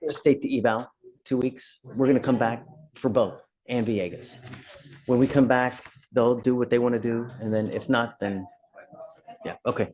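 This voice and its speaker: A male judge running his courtroom docket with an easygoing, chatty manner. His voice sits at an ordinary middle pitch. He moves cases along decisively. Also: fairly even intonation, normal speed, a little mellow, a little hiss or hum, low-quality recording. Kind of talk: casual courtroom docket talk.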